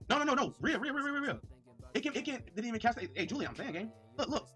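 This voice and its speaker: A man livestreaming, excitedly reading messages aloud and talking straight to his chat. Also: very high voice, fast talker, faint music behind. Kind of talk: livestream commentary.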